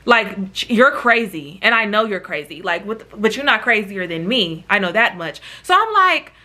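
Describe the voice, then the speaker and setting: A woman telling a dramatic storytime to her viewers, animated and profane, often addressing them as y'all. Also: medium pitch, normal speed. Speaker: YouTube storyteller. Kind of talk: casual storytime.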